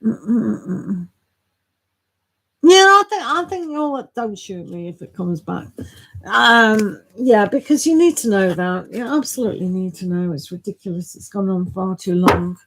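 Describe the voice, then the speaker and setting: A woman's voice: medium pitch, lively intonation, measured pace, noisy background. Woman, tarot reader, live stream, chatty, friendly greetings, frequent laughter. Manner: chatty, greets viewers by name, laughs often. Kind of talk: live-stream chat with viewers.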